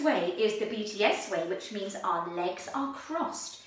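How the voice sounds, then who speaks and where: A woman teaching a drama lesson to young children, animated and encouraging with playful counting cues. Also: mid-range voice, measured pace. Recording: echoey room from far off.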